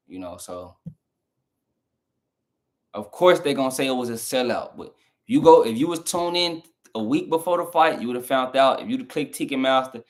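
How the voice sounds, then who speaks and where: A young southern man with a Southern American accent, arguing heatedly with his chat on a live stream and mocking their replies. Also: medium pitch. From southern United States. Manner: argumentative, mocking, talks straight to chat.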